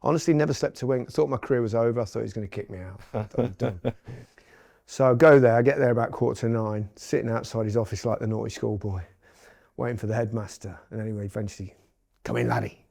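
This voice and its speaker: An English man in his sixties, a guest chatting casually and telling lively anecdotes while playing snooker. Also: mid-range voice, quick pace, gravelly. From England. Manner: animated anecdotes, playing snooker between remarks. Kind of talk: casual chat, storytelling. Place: indoor snooker room.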